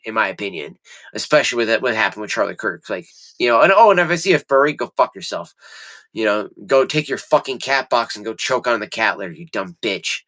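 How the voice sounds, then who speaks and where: A man's voice: mid-range voice, sharp tone. A man hosting a livestream, ranting in a heated, profane and rambling way. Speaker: livestream host. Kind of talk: casual livestream rant. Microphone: studio mic.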